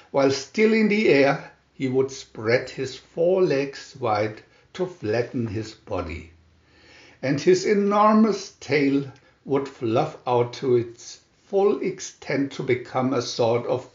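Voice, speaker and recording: A man reading a children's storybook aloud in a lively storytelling manner. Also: medium pitch. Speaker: storybook reader. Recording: roomy, dull lo-fi home recording.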